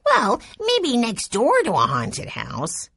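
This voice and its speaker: An excitable young boy, voiced by a woman, in an audiobook, his voice lifted high and bouncing all over. He sounds hopeful and eager. The recording is close and dry. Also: takes it slowly, vocal fry, breathy edge, no room sound, heavily acted.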